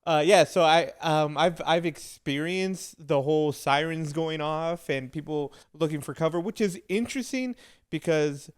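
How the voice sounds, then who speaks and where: Male podcast co-host, a touch higher voice, lively anecdotal chatter. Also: normal speed, clear, resonant tone. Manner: animated storytelling with laughs. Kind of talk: casual chat.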